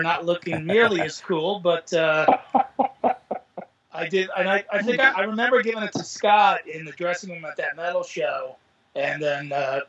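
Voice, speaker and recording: A man's voice: fairly high pitch, sharp tone. A man who is a comedian guest, chatting casually and joking at his own expense. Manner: self-mocking, jokey. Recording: dull lo-fi line with faint noise.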